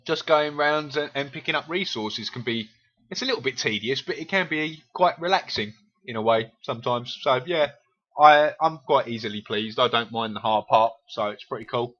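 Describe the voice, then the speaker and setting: Chatty Cockney man with a bright tone. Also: medium pitch, moderate pace, dull audio. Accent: Cockney, East London. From England. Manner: chatty, swears freely, friendly banter. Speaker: game streamer. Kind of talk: casual live-stream chat with viewers.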